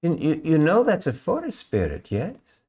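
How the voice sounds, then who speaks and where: A man voicing a sweet, reserved female elven ranger, speaking in a put-on accent with courteous, halting phrasing. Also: fairly high pitch, huge pitch swings, mellow, voice pushed up. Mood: curious. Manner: courteous, halting speech with many restarts.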